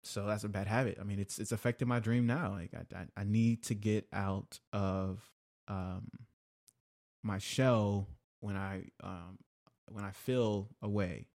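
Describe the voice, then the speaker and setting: A man's voice: lowish voice, steady tone, a little slow, darkish tone. Young male podcast host, open and confessional, loose rambling chat. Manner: candid and confessional, rambling with restarts.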